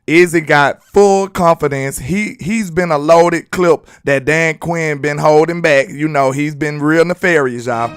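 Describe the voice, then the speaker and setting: A man with a Southern US accent hosting a casual livestream sports commentary. He talks in an animated, slangy way and breaks into sing-song shout-outs. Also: on the high side, measured pace, few pauses, clear, resonant tone, dry recording. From Alabama. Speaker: sports channel host.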